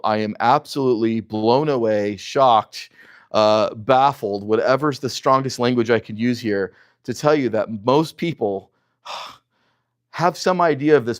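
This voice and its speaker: A middle-aged man leads a Bible lesson in a mid-range voice. He talks in an animated, emphatic way, piling up restarts and fillers as his points build. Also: medium pitch. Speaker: Bible teacher. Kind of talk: teaching a Bible class.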